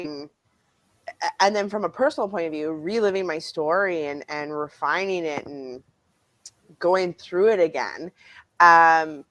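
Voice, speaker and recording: Low-voiced woman author, lively. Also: no room sound, rough recording. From Canada. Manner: animated, laughing, acts out quoted voices. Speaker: author guest. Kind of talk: casual interview talk.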